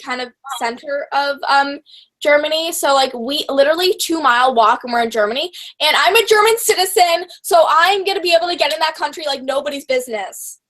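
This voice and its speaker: A woman's voice: high-pitched, fairly bright tone. A young woman chatting casually as a book channel host, bubbly and rambling, with lots of fillers. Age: young adult. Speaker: booktuber host. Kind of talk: casual chat.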